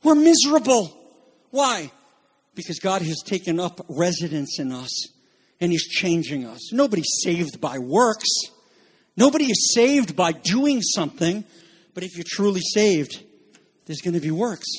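A man preaching an expository sermon as pastor, stammering and restarting at times and climbing to emphatic shouts. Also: sits high, animated, unhurried, slightly rough. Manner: rises to emphatic shouting, then drops back to teaching; frequent restarts and filler stammers.

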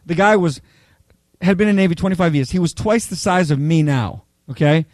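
High-voiced man preaching with animated stories. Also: brisk, dry recording. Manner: animated storyteller, checks in with "okay?" and "right?". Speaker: pastor. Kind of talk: sermon with personal stories.

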